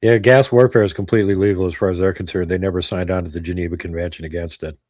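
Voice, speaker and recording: A man chatting casually as a co-host, calm and with dry humor. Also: low voice, very fast, dry recording. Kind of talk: casual chat.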